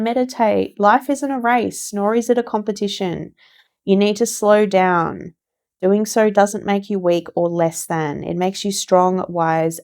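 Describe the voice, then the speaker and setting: A woman giving a casual spoken tarot reading, gentle and encouraging, who repeats phrases for emphasis. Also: mid-range voice. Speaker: tarot reader.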